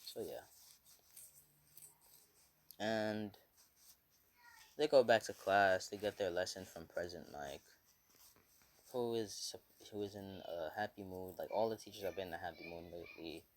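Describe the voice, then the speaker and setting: A man's voice: sits low, measured pace, pauses often. A man casually retelling a fan story, rambling with many fillers and swearing.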